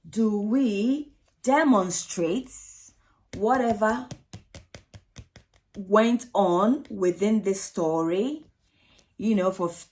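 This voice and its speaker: A woman who hosts her own channel, explaining storytime techniques to early years practitioners and often ending with "isn't it?". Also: medium pitch. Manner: explanatory, asks tag questions.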